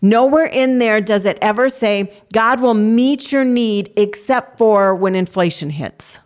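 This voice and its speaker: A woman's voice: fairly high pitch, a little slow. A woman co-hosting a Christian talk show, preaching earnestly and leading a spoken prayer. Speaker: co-host.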